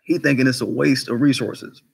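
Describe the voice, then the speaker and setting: A man hosts a loose, profane livestream commentary, his voice sitting at an ordinary middle pitch. He talks in an animated, conversational way and keeps firing off rhetorical questions. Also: moderate pace, vocal fry, slightly rough. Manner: greets live chat viewers by name mid-talk. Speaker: commentary channel host.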